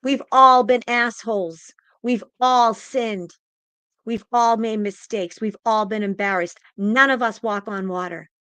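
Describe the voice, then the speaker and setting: A woman's voice: fairly high pitch, steady tone, measured pace, a bit bright, smooth, no echo. A woman psychic giving an impassioned spiritual pep talk, emphatic and repetitive, audibly emotional and close to tears. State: tearful, emotional.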